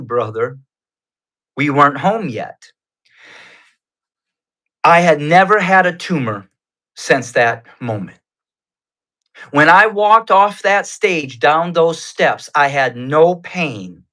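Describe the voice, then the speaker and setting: Speaking as a guest, a man shares his personal faith testimony in an earnest, conversational way, taking his time with the retelling. His voice sits on the high side and sounds a bit bright.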